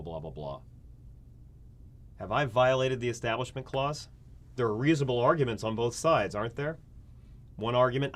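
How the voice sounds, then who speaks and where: A man's voice: mid-range voice, slight background noise. Conversational male government lecturer. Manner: conversational, asks rhetorical questions, acts out scenarios. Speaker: community college government instructor. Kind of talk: recorded classroom lecture.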